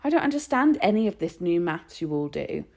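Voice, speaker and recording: A woman voicing a proper, firm mother who speaks briskly and a little sharply in a storybook reading. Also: on the low side, sing-song, a little mellow.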